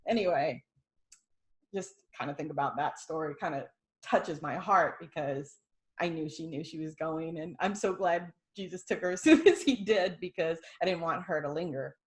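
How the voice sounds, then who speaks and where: A woman's voice: deep voice, normal speed. Earnest middle-aged woman telling a story. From United States. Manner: earnest, swings between hushed and laughing excitement. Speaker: podcast guest sharing a testimony. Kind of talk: emotional personal storytelling.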